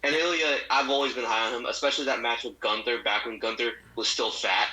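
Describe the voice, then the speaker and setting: A man's voice: mid-range voice, fairly even intonation, fast talker, sharp tone, poor audio. A man co-hosting a casual podcast, chatting with wry jokes. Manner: wry, joking. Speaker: podcast co-host. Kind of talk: casual chat.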